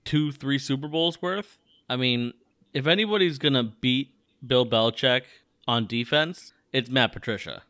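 Man, bright tone, smooth clear voice, excited casual sports chat. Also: mid-range voice, moderate pace. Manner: excited, rambling with restarts. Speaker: podcast co-host.

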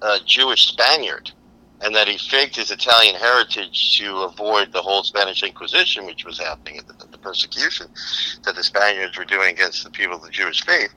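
A man's voice: lowish voice, fairly quick, sharp tone, poor audio. A man appearing as a podcast guest, telling stories animatedly with jokey asides. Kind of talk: casual podcast chat.

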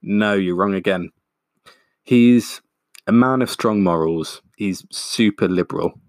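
A man's voice: on the low side, takes it slowly, no echo, clean studio sound. A man voicing an anxious young woman who talks in an earnest, cautioning way.

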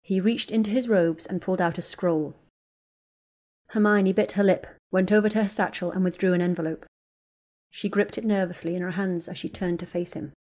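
A woman reading a fan fiction chapter aloud as an audiobook narrator, in a steady, even-paced way. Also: lowish voice, moderate pace. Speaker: audiobook reader.

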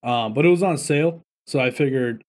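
A man chats easily on a podcast, relaxed and a little wry. His voice sits in a middle range and he talks at an unhurried pace. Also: medium pitch. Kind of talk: casual chat.

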